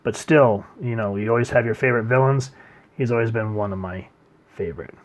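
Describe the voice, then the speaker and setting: A man reviewing a comic book in casual chat, rambling and trailing off quietly at the ends of his sentences. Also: a little fast. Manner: rambling, trails off quietly at line ends, reads quotes in a low murmur.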